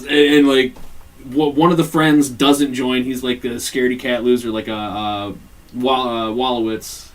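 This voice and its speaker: Profane, animated man retelling a show. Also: medium pitch, recorded from a distance, rough recording. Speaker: podcast co-host. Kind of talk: casual chat reviewing a TV show.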